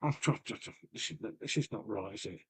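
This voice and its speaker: A man's voice: lowish voice, lively intonation, fairly quick, vocal fry, fairly bright tone, husky. A man with a Lincolnshire accent chatting casually on his live stream, bantering with viewers, swearing freely and calling everyone mate. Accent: Lincolnshire English. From Lincolnshire, England. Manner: folksy, peppered with "mate" and "innit".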